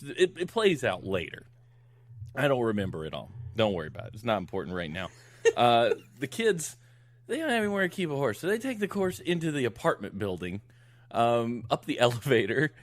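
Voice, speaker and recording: Animated man recounting a movie plot. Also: medium pitch, no room sound. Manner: animated storyteller who acts out the characters' lines; laughs often while talking. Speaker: podcast guest. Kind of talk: casual chat, retelling a film plot.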